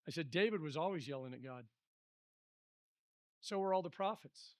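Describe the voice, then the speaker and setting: Animated man teaching Bible study. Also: a little high, fairly quick, pauses often, no room sound, clean studio sound. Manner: conversational storytelling, animated. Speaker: pastor.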